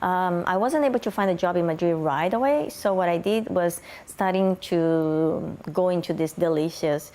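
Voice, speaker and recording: A woman's voice: on the low side, normal speed, hardly any pauses, a little mellow. A woman from Brazil, a guest in an interview, telling her life story in a chatty way with frequent light laughter.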